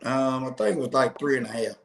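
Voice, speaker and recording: A man's voice: medium pitch, fairly even intonation, fast. A man hosting a casual sports podcast, opening with showman-style introductions and teasing his co-hosts. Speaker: podcast host. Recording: echoey room with faint noise.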